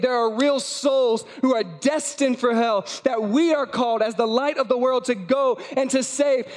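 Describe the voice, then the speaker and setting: A male pastor delivers a sermon at a church service. His voice sits high for a man, and he hammers his points with repetition and rhetorical questions. He is emphatic and direct.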